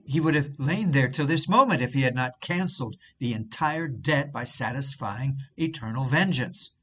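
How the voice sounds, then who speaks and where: A man's voice: medium pitch, moderate pace, sharp tone, husky. Solemn man reading an old sermon. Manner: solemn, rising to impassioned cries on quoted lines. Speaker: preacher reading a classic sermon.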